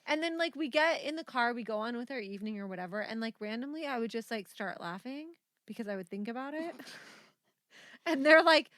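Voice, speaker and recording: A young woman co-hosting a casual podcast chat, animated and quick to laugh, swearing freely as she tells stories. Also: on the high side, no echo, studio quality. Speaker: podcast co-host.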